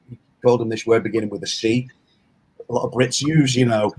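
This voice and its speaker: Husky man telling a rambling story. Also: medium pitch, steady tone, very fast, low-quality recording. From England. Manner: rambling storytelling with many restarts and fillers. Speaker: self-defense instructor. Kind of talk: casual interview talk.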